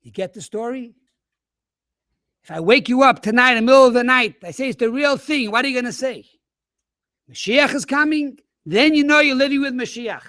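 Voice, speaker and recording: A man, a rabbi, telling an animated story to schoolchildren over a webinar. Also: very high voice, fairly quick, dry recording, studio quality. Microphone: webinar microphone.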